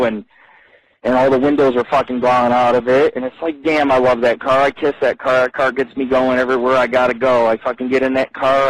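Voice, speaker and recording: A man hosting his own radio show from the street, talking in a profane, rambling monologue and jumping up in pitch when he gets worked up. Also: no room sound, rough recording. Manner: profane, animated, voice jumps high when agitated. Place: outdoors on a street.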